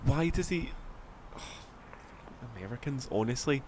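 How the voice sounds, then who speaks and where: A man's voice: medium pitch, animated, slow pace, a little hiss or hum. A man with a Scottish accent, rambling casually as he streams a flight sim, swearing now and then. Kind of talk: casual gameplay commentary.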